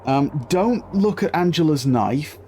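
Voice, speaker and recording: A man's voice: fairly high pitch, expressive, slow pace, mellow, slight background noise. A man giving chatty live gameplay commentary as a streamer, swearing casually and talking to his chat.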